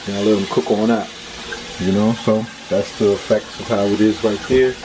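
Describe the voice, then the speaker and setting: A man with a Philadelphia accent talks his way through cooking in a loose, chatty vlog manner, often circling back to the same phrase. His voice sits on the low side. Steady background noise runs under the recording. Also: normal speed, poor audio. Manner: laid-back, chatty, repeats himself. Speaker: cooking vlogger.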